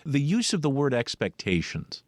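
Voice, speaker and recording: A man hosting a public radio interview, asking musing, animated questions. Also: mid-range voice, moderate pace, no echo, clean studio sound. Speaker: radio host.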